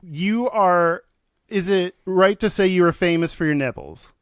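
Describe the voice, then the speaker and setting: A man's voice: sits high, a little slow, smooth, no echo, clean studio sound. A male podcast co-host in casual chat, giggly and rambling, with stumbling restarts.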